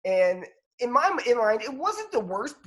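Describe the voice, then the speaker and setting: A man's voice: extremely high pitch, sing-song, normal speed, fairly bright tone. A man co-hosting a podcast, chatting casually about football in a rambling, self-deprecating way. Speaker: podcast co-host.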